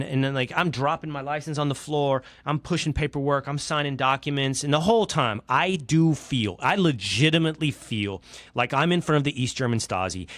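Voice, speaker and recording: Middle-aged Texan podcast host, lively swooping delivery, dry close sound; exasperated comic storyteller. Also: male voice, mid-range voice, no echo. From Texas. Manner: exasperated, comic, swings from hushed to loud. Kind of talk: animated storytelling monologue.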